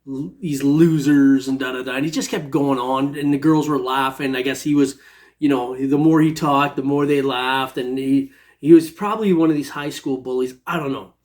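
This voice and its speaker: A man's voice: mid-range voice, steady tone, normal speed. Man, casual storytelling, rambling, frequent restarts. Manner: rambling, with many restarts and "eh" tags. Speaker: metal detecting storyteller.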